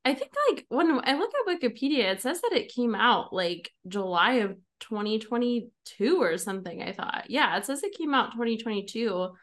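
A woman's voice: a little high, big pitch swings, moderate pace, few pauses, fairly bright tone. A young woman hosting a podcast, chatting casually with friends and laughing often. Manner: giggly, chatty, many "like"s. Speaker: podcast host. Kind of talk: casual chat.

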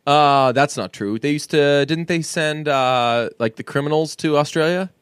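A man's voice: a little high, moderate pace, clean tone, no room sound. Profane rambling podcast guy, dry sound. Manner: profane, rambling, laughs often. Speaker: podcast co-host. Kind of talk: casual podcast chat.

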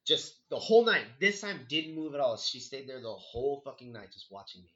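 A young man telling a story in casual chat, animated and profane, full of "like" and "dude". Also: medium pitch, brisk, dull audio. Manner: animated, swearing, heavy on 'like' and 'dude'.

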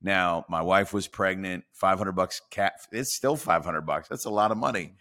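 A man's voice: low voice, moderate pace, sharp tone. A man in his forties, a podcast guest, telling a career story and acting out the dialogue with animation.

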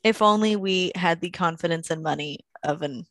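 Sarcastic woman cohost, deadpan jokes, dry close mic. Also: fairly low pitch, normal speed, dry recording. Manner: wry, sarcastic. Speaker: podcast co-host. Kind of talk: casual chat.

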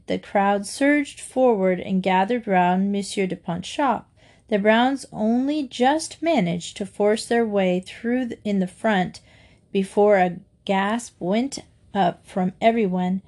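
A woman reads a children's story aloud at a middle pitch. Her telling is gentle and steady, made for listening. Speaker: storybook reader. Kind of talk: reading a children's book aloud.

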